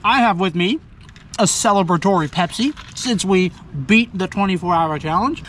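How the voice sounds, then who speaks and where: A man talking casually to camera outdoors on the coast as he cooks and eats his catch, upbeat and chatty, thinking out loud. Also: sits high, normal speed. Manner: upbeat, chatty, talks to himself while deciding. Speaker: outdoor adventure vlogger. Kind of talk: casual narration to camera while cooking.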